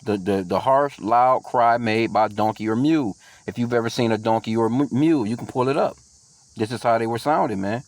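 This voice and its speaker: A man's voice: mid-range voice, brisk, dry recording. A man teaching from scripture in a casual, slangy way, reading verses aloud and then riffing loosely on them. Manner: profane, with frequent fillers and restarts. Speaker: bible teacher.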